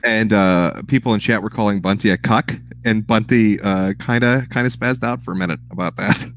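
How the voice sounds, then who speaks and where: A man's voice: lowish voice, normal speed, fairly bright tone, a little hiss or hum. A man chatting casually as a podcast guest, rambling and profane, often breaking into laughs.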